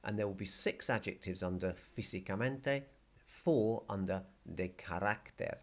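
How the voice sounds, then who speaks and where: A male Spanish teacher explaining a recorded video lesson patiently, repeating key words slowly. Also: fairly low pitch.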